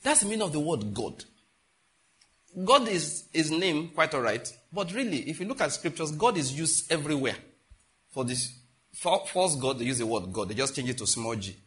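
A man's voice: big pitch swings, moderate pace. A man preaching a sermon as pastor, emphatic, asking his congregation rhetorical questions. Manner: emphatic preaching, rising and dropping in pitch and loudness.

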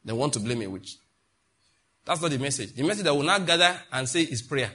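A middle-aged man from Africa preaching a sermon as a pastor, emphatic and mocking, with sudden loud outbursts. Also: medium pitch, lively intonation, a little fast.

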